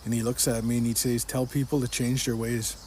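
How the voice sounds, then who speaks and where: Sharing a religious testimony, a man earnestly describes a dream and keeps quoting what he was told in it. His medium-pitched voice barely moves in pitch, runs a little fast, and has a darkish tone, with a little hiss or hum in the background.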